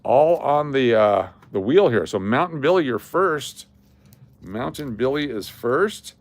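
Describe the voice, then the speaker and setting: A man's voice: medium pitch, lively intonation, measured pace. A man hosting a casual live stream, chatty and repetitive, calling out viewers by name as he hands out prizes. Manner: chatty, repeats names, calls out viewers. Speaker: livestream host running coin giveaways.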